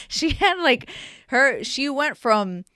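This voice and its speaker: Young woman, solo podcast host; chatty and foul-mouthed, mid-pitch, dry sound. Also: lively intonation, a little slow, dry recording. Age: young adult. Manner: chatty, profane, self-mocking. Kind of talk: casual solo podcast chat.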